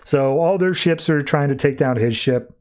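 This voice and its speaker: Man, podcast co-host, casual comic recap, chatty, slightly raised pitch. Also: moderate pace, a little mellow. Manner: chatty, heavy use of "like" when retelling.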